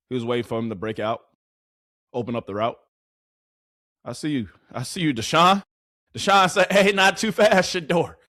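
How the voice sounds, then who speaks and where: A young man giving casual live-stream commentary on football clips, animated and repetitive, full of slang and hype. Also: medium pitch, no room sound, clean studio sound.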